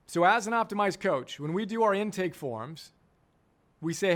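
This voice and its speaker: Speaking a little fast in a high-pitched voice, a middle-aged coach and program founder gives a forceful teaching talk. He repeats his main phrases to drive them home.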